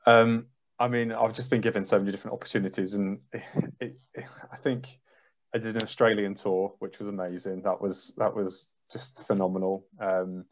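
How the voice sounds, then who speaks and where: A man, a trampoline coach, telling an emotional story on a video call and acting out his own reactions. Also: low-pitched. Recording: dull lo-fi video call audio.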